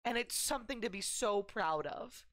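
A woman's voice: medium pitch, expressive, moderate pace, fairly bright tone, no room sound. Emotional gushing woman streamer. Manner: emotional, gushing, rambling with fillers. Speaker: livestreamer. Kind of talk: casual livestream chat.

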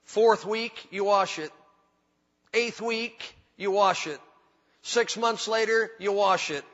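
Folksy preacher with a bright, high voice. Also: male voice, slow. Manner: folksy, emphatic preaching with repetition and humor. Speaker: pastor. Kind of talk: sermon. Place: church sanctuary. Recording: dull hall recording with long reverb.

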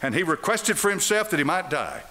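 A man's voice: a little high, very animated, fairly quick, pushed and bright. An older man preaching a sermon in church, firing rhetorical questions at the congregation. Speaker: pastor. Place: church sanctuary.

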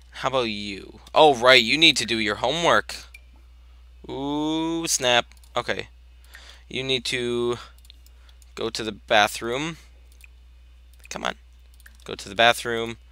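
A man's voice: medium pitch, bright, forceful tone, clean tone, no room sound. A young man giving casual let's-play commentary, chatting to the characters on screen and bursting out in exasperation now and then. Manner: chatty, talks to his sims, exasperated outbursts. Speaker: gameplay commentator.

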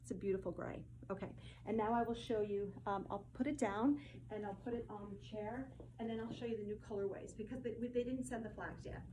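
A woman hosting a casual showcase of fabrics, effusive and gushing, often repeating her words and filling pauses with ums. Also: medium pitch, fairly even intonation, noisy background. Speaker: host presenting fabric collection.

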